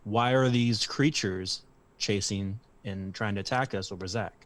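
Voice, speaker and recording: A man's voice: fairly low pitch, measured pace. A man playing a tabletop game, talking casually and pushing with direct questions. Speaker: player. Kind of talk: casual game talk, in character.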